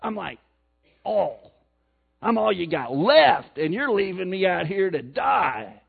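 A man's voice: high-pitched, very animated, slow pace, vocal fry, breathy edge, heavily acted. A man with a Missouri accent voicing a despairing male prophet who whines, stammers and pleads in complaint. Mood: whining. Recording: tinny phone-like sound.

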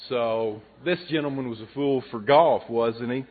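A man's voice: mid-range voice, a little slow, few pauses. A middle-aged man preaching a sermon in a folksy, conversational way, mixing scripture and jokes. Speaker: pastor. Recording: phone-like narrow sound.

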